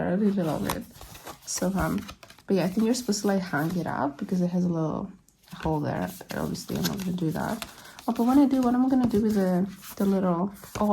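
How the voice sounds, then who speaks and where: Casual collector vlogger, woman, fry-tinged dark tone, chatty and gushing, light room hiss. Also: on the low side. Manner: gushing, rambling, giggly. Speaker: K-pop album collector. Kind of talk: casual unboxing chat. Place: at home, living in London.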